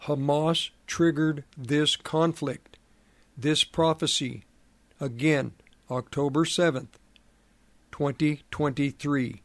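A middle-aged man hosting a prophecy commentary program, speaking in a slow, halting way with many fillers and restarts. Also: a little high, steady tone, no room sound. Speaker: radio program host.

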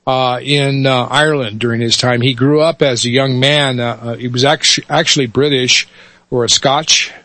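A man telling a story in a folksy, halting way, with many fillers and restarts. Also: medium pitch, steady tone, sharp tone, no echo. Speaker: speaker telling a joke. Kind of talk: casual storytelling.

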